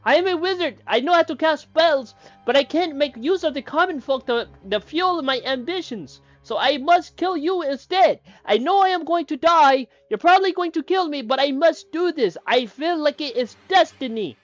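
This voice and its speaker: A man voicing a broke, doomed male wizard bounty hunter, declaiming loudly and dramatically. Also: extremely high pitch, animated, normal speed, no echo, dull audio, soft background music, voice pushed up. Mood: dramatic.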